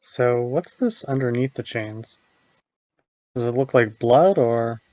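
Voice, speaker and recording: A man's voice: medium pitch, lively intonation, slow, dark tone, dry recording. Curious man player on a dull dry mic. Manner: curious, asks many questions. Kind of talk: playing a tabletop game over voice chat.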